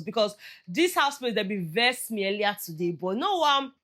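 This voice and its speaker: A woman's voice: medium pitch, expressive, moderate pace, a bit bright. A woman with a Nigerian accent chatting through a reality show recap, slipping into Pidgin phrases as she goes. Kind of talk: casual commentary.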